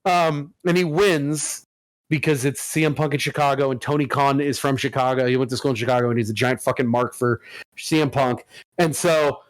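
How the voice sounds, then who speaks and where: A man's voice: mid-range voice, normal speed, no room sound, rough recording. A man co-hosting a podcast, telling a long story in casual chat with lots of swearing. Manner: profane, animated storytelling. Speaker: podcast co-host.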